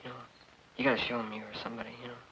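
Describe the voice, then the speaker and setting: A man's voice: medium pitch, sing-song, rapid-fire, creaky, noisy background. A man voicing a frustrated, grumbling everyman in a vintage cartoon, muttering under his breath. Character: grumbling middle-aged everyman, easily frustrated. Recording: dull old film soundtrack.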